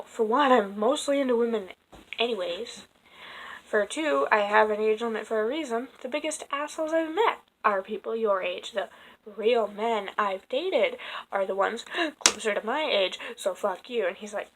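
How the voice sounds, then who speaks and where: A woman's voice: on the high side, expressive, normal speed, fairly bright tone, slight background noise, low-quality recording. Exasperated young woman vlogger. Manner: exasperated, sarcastic, swears freely. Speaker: vlogger reading dating app messages. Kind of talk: casual storytelling. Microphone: phone.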